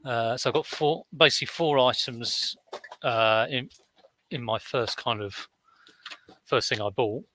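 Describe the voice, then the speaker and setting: A man's voice: mid-range voice, measured pace, long pauses, pushed and bright, slight background noise. A man, chatting casually on a live stream as a reseller, rambling through stories with many fillers and restarts. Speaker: reseller vlogger.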